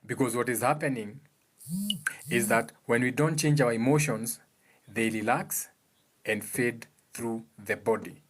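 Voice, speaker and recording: A man with a Kenyan accent speaks in a casual, motivational way. His voice sits at an ordinary male pitch. He explains earnestly and hammers home his points by repeating them. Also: unhurried, slight background noise. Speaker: speaker giving advice on emotions.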